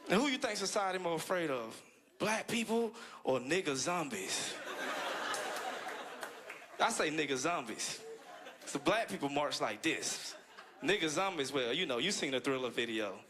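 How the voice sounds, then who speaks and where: Animated stand-up comic over crowd laughter. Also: male voice, normal speed, pauses often. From United States. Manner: animated, high-pitched act-outs, laughing through lines. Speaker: stand-up comedian. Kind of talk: stand-up set. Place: comedy club stage with live audience. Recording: loud crowd laughter in club.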